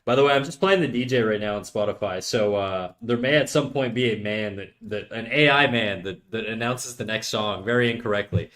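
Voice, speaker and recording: A man's voice: on the low side, brisk, few pauses, fairly bright tone. A man streaming while he draws, chatting casually with viewers and giving loose drawing tips in a rambling, joking way that often breaks off mid-sentence. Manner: rambling, self-interrupting, jokey.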